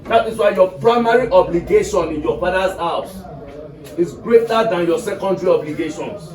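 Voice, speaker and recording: A man's voice: sits high, moderate pace, darkish tone. A man teaching an English lesson to a class, repeating his points and quizzing students with prompts. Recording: echoey room from far off, music behind.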